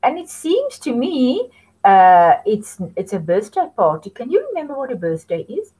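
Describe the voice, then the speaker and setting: A woman's voice: fairly high pitch, wildly swooping pitch, dark tone, slightly rough, rough recording. A woman teaching French to young children, patiently modelling phrases for them to repeat. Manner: slow, patient, sing-song prompting for repetition. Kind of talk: children's language lesson.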